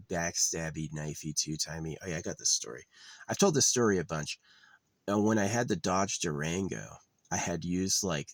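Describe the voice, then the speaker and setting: A man's voice: extremely low pitch, dry recording. A man talking in a rambling, profane vlog monologue, full of fillers. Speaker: vlogger.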